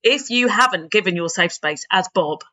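Bright-voiced British woman explaining. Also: medium pitch, expressive, moderate pace, muffled recording. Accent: British English. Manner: explains patiently, laughs easily. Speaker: podcast co-host, consumer rights expert. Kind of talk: casual chat.

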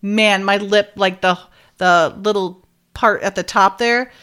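A woman's voice: medium pitch, fairly even intonation, a little slow, background noise. A middle-aged woman co-hosting a casual recap chat, retelling scenes animatedly and acting out quoted lines with frequent laughs. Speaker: podcast co-host.

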